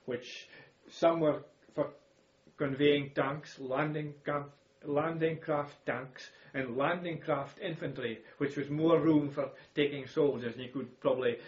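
An older man, telling war stories in an interview. He chuckles now and then and repeats words as he recalls events. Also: mid-range voice. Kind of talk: reminiscing storytelling. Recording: echoey room, slightly dull audio.

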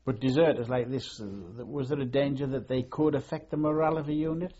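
A man interviewing a veteran, asking measured questions. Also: mid-range voice, steady tone, dark tone. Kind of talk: oral history interview questions. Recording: dull lo-fi tape.

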